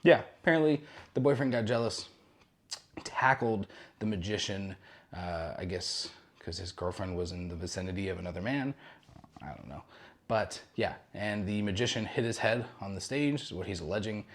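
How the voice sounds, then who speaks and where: A man's voice: fairly low pitch, moderate pace. A young man hosting a casual cruise news roundup, chatty and rambling, with jokey asides and frequent self-corrections.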